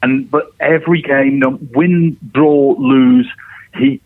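A man's voice: a little high, fairly even intonation, takes it slowly, gravelly, dry recording. An easygoing man chatting about football on a podcast, laughing often. His voice comes through a narrow, phone-like line with a completely dry sound. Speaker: podcast co-host. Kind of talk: casual football chat.

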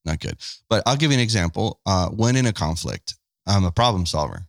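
A man with a deep, low voice chats on a podcast beside his wife. He is candid and pokes fun at himself, acting out old arguments as he goes. The sound is dry and close, with no room echo. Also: expressive, brisk. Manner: candid, self-deprecating, acts out past conversations. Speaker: podcast co-host. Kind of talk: casual couple's podcast chat.

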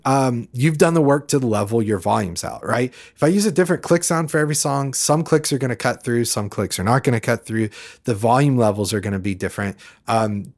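A man hosting an instructional podcast, speaking at a mid-range pitch. His delivery is conversational and loose, full of filler words and restarts as he explains things to his listeners. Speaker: podcast host.

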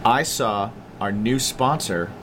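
A man's voice: on the low side, takes it slowly, noisy background. A man co-hosting a podcast, doing sponsor reads in upbeat, casual chat. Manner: upbeat, enthusiastic, says "dude" a lot. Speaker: podcast co-host.

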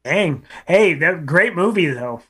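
A man's voice: a little high, expressive, slow pace, sharp tone, slightly rough. A man co-hosting a radio show, joking around in laid-back banter. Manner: jokey, laid-back, quotes movie lines. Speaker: radio co-host.

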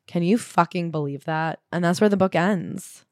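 A woman co-hosting a casual book podcast, retelling a story with animated acted-out quotes and frequent swearing. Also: lowish voice, normal speed, no echo, clean studio sound. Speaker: podcast co-host. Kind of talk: casual book-recap chat.

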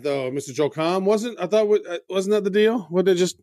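A man's voice: high-pitched, normal speed, darkish tone, no echo, studio quality. A man hosting a podcast, chatting loosely through a news rundown with plenty of fillers. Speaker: podcast host.

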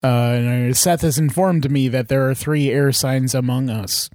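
A man in casual podcast banter who jokes and swears freely. His voice has a mid pitch. The sound is dry and close. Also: a little slow, a little mellow, no echo. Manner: joking, profane banter. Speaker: podcast player.

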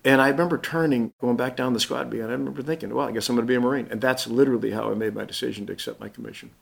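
A man in his fifties recounts his past as a guest in an interview. He talks casually and animatedly, and he slips into the voices of the people he quotes. His voice sits at an ordinary male pitch. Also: steady tone, very fast, vocal fry. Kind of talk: casual storytelling.

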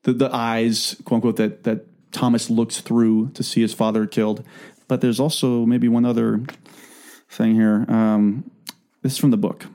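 A man's voice: medium pitch, flat delivery, warm tone. A man hosting a book podcast, chatting enthusiastically and reading passages aloud. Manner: enthusiastic, joking, halting restarts. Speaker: podcast host. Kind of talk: casual book-club chat, reads passages aloud.

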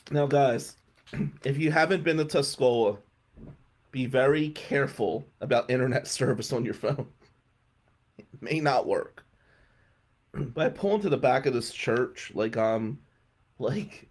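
Male radio host telling a story, keeps clearing his throat, middle-pitched, chuckles in it. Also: a little slow, long pauses, a little mellow. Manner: clears throat often, chuckles mid-sentence. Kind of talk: casual comic storytelling.

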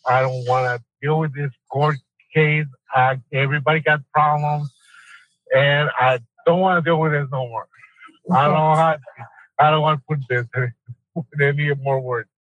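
A man testifying in a recorded deposition, rambling and exasperated, with halting restarts. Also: a little high, steady tone, a bit bright, no room sound, lo-fi sound. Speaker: building concierge testifying in a deposition.

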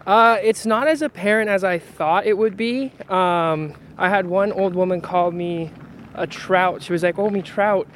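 A man from Toronto chats in a street interview, telling an amused anecdote. His voice sits high for a man. Traffic noise carries behind him. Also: unhurried, fairly bright tone.

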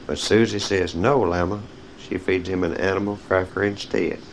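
A man's voice: low-pitched, steady tone, normal speed, a little hiss or hum, poor audio. A man reading children's picture-book stories aloud, speaking directly to young listeners and telling them when to turn the page. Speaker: storyteller.

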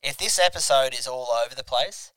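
A man's voice: medium pitch, expressive, brisk, sharp tone, no echo. A young Australian man hosting a casual comedy podcast, rambling and crude as he tells stories. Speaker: podcast host.

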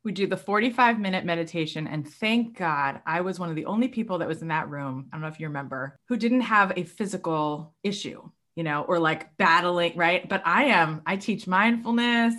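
A young woman telling a personal story in conversation, expressive and quick to act out other people's voices. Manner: expressive, acts out quoted voices with big pitch jumps. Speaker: guest.

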